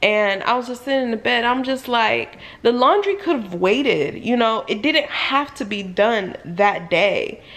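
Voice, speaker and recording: Animated woman telling a storytime. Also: unhurried, few pauses. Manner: animated, filler-heavy retelling with many "like"s; voice jumps high and loud on exclamations. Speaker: vlogger. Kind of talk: casual storytime monologue.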